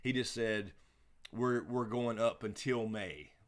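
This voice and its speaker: A man's voice: medium pitch, slow. A man co-hosting a casual live question-and-answer stream, laid-back, laughing often and swearing freely. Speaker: livestream co-host.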